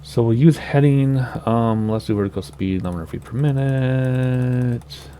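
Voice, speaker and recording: A man's voice: medium pitch, unhurried, slight background noise. A man hosting a flight simulator let's-play, chatting casually and thinking aloud as he sets up a flight. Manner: relaxed, chatty, thinking aloud with small laughs. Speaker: gaming channel host.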